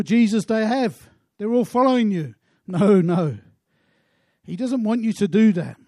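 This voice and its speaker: A pastor preaching a sermon in an earnest way, asking rhetorical questions. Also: male voice, high-pitched, dark tone, dry recording, clean studio sound.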